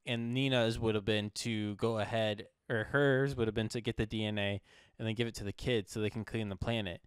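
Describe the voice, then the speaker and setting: A man's voice: on the low side, steady tone, brisk, clear, resonant tone, no room sound, studio quality. A man co-hosting a movie review podcast, chatting casually and joking, often laughing. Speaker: podcast co-host.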